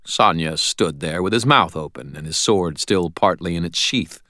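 A man's voice: deep voice, moderate pace, few pauses, sharp tone, dry recording. A man reading a first-person audiobook narration in a wry, dry storytelling manner.

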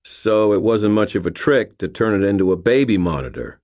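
A man's voice: on the low side, moderate pace, darkish tone, pitched above the performer's own voice, close to an everyday voice. A man voicing a skinny nerdy young man who talks earnestly and eagerly.

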